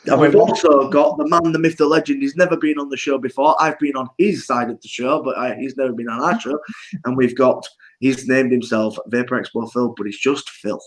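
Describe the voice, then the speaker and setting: A man hosting a casual livestream chat show, loud and bantering, laughing often. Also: mid-range voice, steady tone, a little fast, low-quality recording. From United Kingdom. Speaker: host.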